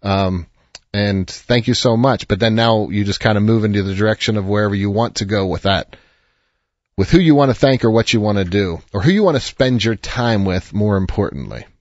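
A man's voice: on the low side, fairly quick, dry recording. Earnest man giving advice, dry dull sound. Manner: earnest, reassuring, with frequent restarts. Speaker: advice show host.

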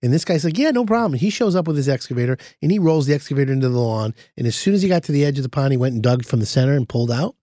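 A man hosting a casual podcast as a contractor, telling animated stories and giving plain advice. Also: medium pitch, very fast, hardly any pauses, no echo, clean studio sound. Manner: animated storytelling with laughs.

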